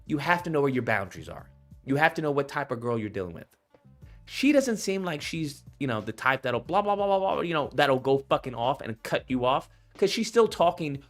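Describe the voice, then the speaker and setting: A man's voice: a little high, moderate pace, faint music behind. A man giving casual, profane commentary on video clips, acting out the people he quotes. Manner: animated, profane, acts out quoted voices.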